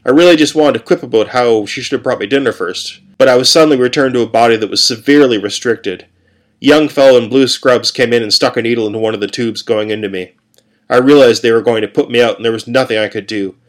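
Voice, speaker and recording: A man reading a first-person story aloud in a calm, steady way. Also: mid-range voice, fast talker.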